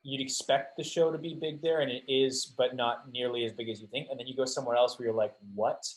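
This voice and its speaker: Young guy on a podcast, super animated storyteller, swears a bit, laughs lots, mid pitch. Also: fast, low-quality recording. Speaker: guest actor. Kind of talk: casual podcast chat.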